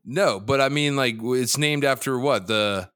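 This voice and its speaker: A man's voice: medium pitch, normal speed, a bit bright, clear, resonant tone, dry recording, studio quality. A man co-hosting a casual sports betting podcast, loose and profane, teasing his partner and jumping between topics. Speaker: podcast co-host.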